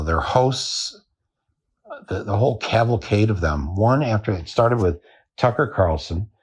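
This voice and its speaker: An older American man hosting a podcast, delivering a deadpan satirical monologue and chuckling at his own jokes. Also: lowish voice, slightly rough. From United States. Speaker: podcast host.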